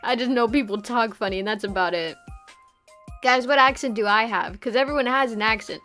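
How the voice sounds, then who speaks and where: A woman's voice: fairly high pitch, a little fast, bright, forceful tone, faint music behind. Giggly young woman streamer, rambling. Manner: giggly, rambling, many fillers. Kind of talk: casual live-stream chat.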